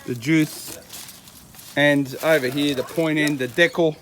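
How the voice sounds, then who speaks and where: In his backyard at home beside a smoker, a middle-aged Australian chef gives an enthusiastic, casual cooking demonstration and keeps repeating his catchphrases. His voice is fairly high and a bit bright, with a steady tone and an unhurried pace.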